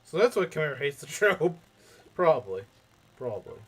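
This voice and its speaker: A man's voice: a little high, big pitch swings, moderate pace, slightly rough. A young man commenting casually on a strategy game as he plays, rambling, repeating himself and making jokey asides to his chat. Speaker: let's play streamer.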